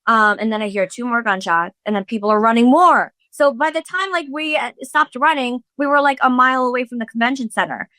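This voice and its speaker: A podcast host in her thirties tells a story in breathless casual chat, swearing freely and acting out what people said. Her voice is bright and tense, sitting a little high for a woman. The sound is dry and close, with no room echo. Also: a little fast, hardly any pauses. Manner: breathless, swearing, fillers, re-enacting quotes.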